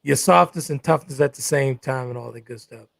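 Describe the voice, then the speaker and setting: A man's voice: mid-range voice, a little fast, creaky, a bit bright, dry recording, clean studio sound. A man co-hosting a live talk show about relationships, talking emphatically and often repeating "exactly" and "good stuff".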